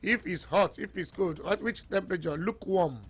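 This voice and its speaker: A man hosting live sports talk radio, taking callers and reading listener comments aloud in a brisk manner. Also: high-pitched, husky.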